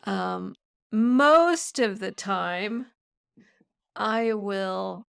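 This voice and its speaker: A woman's voice: mid-range voice, drawn-out words, creaky, smooth. A woman hosting a podcast, talking in a reflective, meandering way in casual conversation. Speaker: podcast host.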